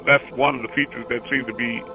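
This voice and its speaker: A man's voice: medium pitch, fairly even intonation, brisk, highs cut off. A man hosting a call-in session, talking casually and rambling, repeating words as he recounts long visions. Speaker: host answering callers.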